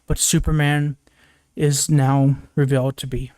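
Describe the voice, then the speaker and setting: A man's voice: medium pitch, level tone, measured pace, dark tone, dry recording. A young man giving a casual live movie review, recapping the plot in a rambling way with lots of fillers and swearing.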